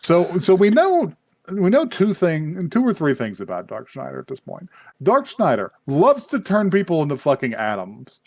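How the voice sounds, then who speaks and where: A man co-hosting a podcast, casually recapping an anime episode, animated and swearing, acting out characters' lines. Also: a little high, normal speed, gravelly, dry recording. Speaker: podcast co-host.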